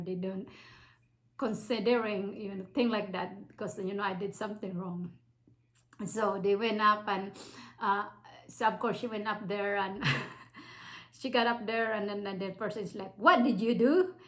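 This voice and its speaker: A woman's voice: medium pitch, poor audio. A woman from the Philippines with a Filipino accent, casually telling a personal story in a rambling way with many fillers and restarts.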